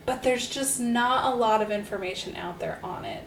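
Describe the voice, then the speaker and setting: A woman's voice: a little high, moderate pace, creaky. A woman co-hosting a casual true-crime podcast, telling a case in an upbeat, chatty way with lots of fillers. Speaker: podcast co-host and storyteller. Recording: roomy echo with faint hiss.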